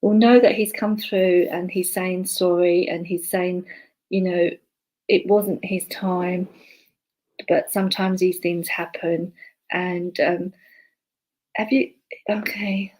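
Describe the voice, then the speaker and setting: Halting woman giving spirit messages. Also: on the low side, steady tone, low-quality recording. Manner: halting and hesitant, with many fillers and restarts; murmurs softly to herself between messages. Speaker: spiritualist medium. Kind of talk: live online clairvoyance demonstration.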